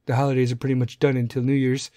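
A man's voice: mid-range voice, flat delivery, rapid-fire, dark tone, no echo, studio quality. A middle-aged man hosting a solo podcast, ranting casually with lots of swearing and wandering off on tangents. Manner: profane, rambling, goes off on tangents. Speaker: podcast host.

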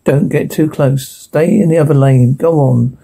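A blunt police boss barking curt orders in a TV crime drama. His voice is low, dark and mellow, with a gravelly, husky grain. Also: fairly even intonation, a little slow, exaggerated voice, poor audio. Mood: commanding. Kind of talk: television crime drama acting.

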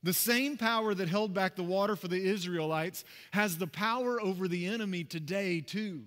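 A man preaching a sermon as pastor, telling a personal story in a conversational, animated way with asides to the congregation. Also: high-pitched, moderate pace, in a large hall. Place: church sanctuary.

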